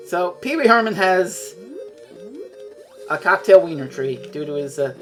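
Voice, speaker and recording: A woman's voice: on the low side, lively intonation, a little slow, soft background music. A woman streaming a video game, rambling and swearing freely as she chats. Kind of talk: casual chat while playing a video game.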